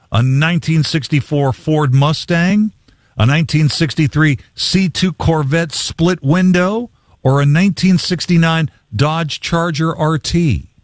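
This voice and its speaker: A man's voice: on the high side, measured pace, dry recording, clean studio sound. A man hosting a sports radio call-in show, chatty, reading trivia with easy asides.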